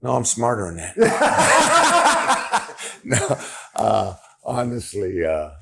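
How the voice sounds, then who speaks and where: A man in his sixties from California, a guest telling animated stories in a casual interview, laughing often. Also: mid-range voice, very slow, gravelly, background noise. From California, USA. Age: 60s. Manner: animated storyteller, laughs often, acts out quotes. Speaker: interview guest, former pro football player.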